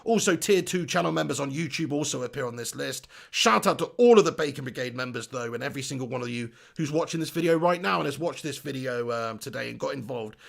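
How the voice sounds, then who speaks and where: A man hosting a football live stream, chatty and upbeat, giving shout-outs to viewers. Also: mid-range voice, quick pace, gravelly, hardly any pauses. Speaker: football channel host.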